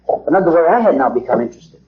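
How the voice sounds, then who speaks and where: A man's voice: on the high side, very animated, quick pace. A middle-aged man giving an earnest talk to a small group, asking rhetorical questions and repeating himself. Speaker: lecturer. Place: meeting hall. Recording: echoey hall, dull 1950s tape.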